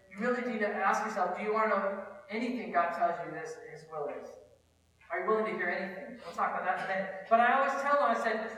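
Pastor from Kansas, conversational sermon, high and bright tone, echoing hall sound. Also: male voice. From Kansas, USA. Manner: conversational and earnest, with personal stories and asides. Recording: echoey hall, distant mic.

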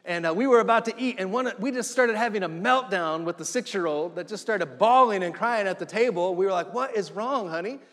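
A man's voice: high-pitched, fairly quick, few pauses, a bit bright. A middle-aged man preaching a sermon as pastor, driving points home with repetition and rising emphasis. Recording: long hall reverb.

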